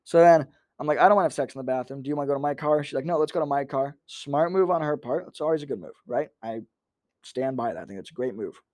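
A man's voice: medium pitch, quick pace, darkish tone, no echo, clean studio sound. A young man hosting a podcast, telling a crude, self-deprecating comedy story in a casual way. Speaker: podcast host.

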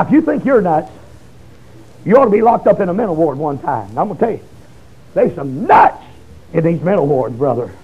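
A man preaching his testimony, emotional, swinging from shouts down to hushed low tones. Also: breathy edge. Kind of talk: fiery testimony sermon. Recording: dull lo-fi recording.

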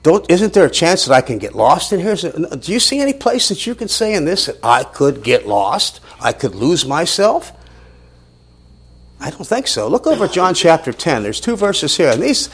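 A man's voice: a little high, very animated, normal speed, husky. A man teaching a sermon, reading scripture aloud with rising emphasis and asking rhetorical questions. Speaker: Bible teacher.

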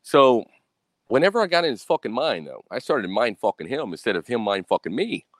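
A man's voice: medium pitch, sing-song, brisk, no echo. An American man telling a story in a blunt, profane rant, keeping up a "right?" after his points. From United States. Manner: keeps asking "right?". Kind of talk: casual profane monologue.

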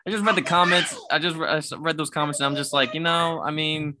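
A woman's voice: low voice, steady tone, quick pace, background noise. A woman co-hosting a podcast, speaking in a blunt, exasperated way that stammers on restarts in casual chat. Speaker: podcast co-host.

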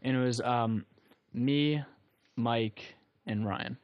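A man's voice: mid-range voice, takes it slowly, no room sound, muffled recording. A young man telling a rambling story on a casual talk show, often laughing at his own tale. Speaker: guest storyteller.

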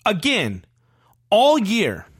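Animated man ranting about football. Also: high-pitched, very slow, slightly rough, no echo, clean studio sound. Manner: heated, profane, animated ranting. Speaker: podcast co-host. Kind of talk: casual sports podcast chat.

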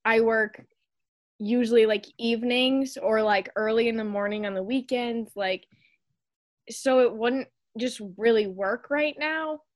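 Chatty young woman host, high voice. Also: a little slow. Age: young adult. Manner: chatty, advice-giving, many fillers. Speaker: podcast host. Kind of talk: casual chat.

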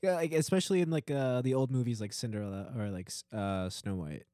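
A young man co-hosting a casual podcast chat, talking quickly with lots of fillers and trailing off. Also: mid-range voice, warm tone, no room sound, studio quality. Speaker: podcast co-host.

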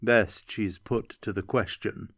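A scheming court wizard, smug and insinuating, drawing out his words with sly deliberation, as a male storyteller puts him on. Low and unhurried, close and dry for an audiobook. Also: steady tone, a bit bright, exaggerated voice.

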